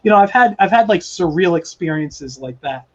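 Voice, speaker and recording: High-voiced man telling a story, lo-fi. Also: moderate pace. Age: 40s. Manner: animated, acts out quoted voices. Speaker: guest artist. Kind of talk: casual storytelling.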